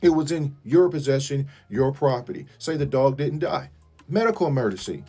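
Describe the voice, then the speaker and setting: A man's voice: mid-range voice, brisk, warm tone, faint music behind. A man vlogging an indignant complaint to his viewers, repeating pointed questions.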